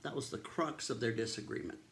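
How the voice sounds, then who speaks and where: A man's voice: medium pitch, lively intonation, fairly quick, a bit bright, slight background noise. A man, a pastor casually retelling a Bible story in a devotional, with many ums and uhs.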